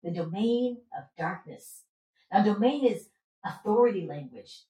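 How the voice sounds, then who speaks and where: A woman's voice: mid-range voice, unhurried. Woman teaching a Bible study in an echoey room. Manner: animated, asks the listeners questions and answers them herself. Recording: roomy echo, from a distance.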